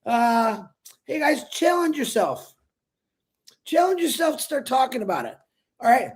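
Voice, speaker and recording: A man hosting a casual live stream, giving an excitable, rambling motivational pitch that bursts into shouts, and greeting his viewers by name. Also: unhurried. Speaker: livestream host greeting viewers.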